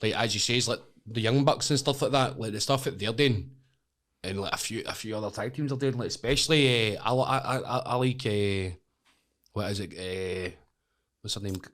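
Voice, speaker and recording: A man's voice: lowish voice, brisk, a bit bright. A Scottish man, a wrestler guest on a podcast, telling stories in casual chat, swearing a lot and laughing through them.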